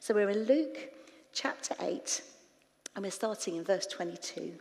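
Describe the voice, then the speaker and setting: A woman preaching in church, retelling scripture with lively, animated asides to the congregation. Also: mid-range voice, a little slow, gravelly. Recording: reverberant church hall.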